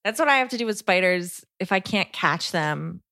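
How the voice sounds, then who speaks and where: A woman's voice: lowish voice, expressive, moderate pace, gravelly, bright, forceful tone, slight background noise. A woman co-hosting a podcast in casual chat, easygoing, laughing often and reading out listener questions. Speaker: podcast co-host.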